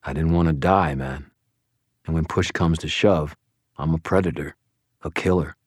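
Deep-voiced guy playing a quiet vampire brother, guarded, clipped, super low voice. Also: normal speed, dry recording, studio quality.

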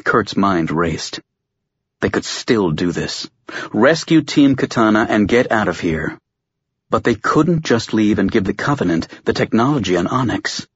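A man reads a science fiction audiobook with steady, measured narration. His voice sits low and a little husky, and the recording sounds dry and close but dull and lo-fi. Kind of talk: scripted narration.

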